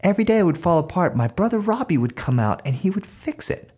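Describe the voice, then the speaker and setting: A man telling a personal story aloud in an animated, conversational way. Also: sits high, quick pace, slightly rough.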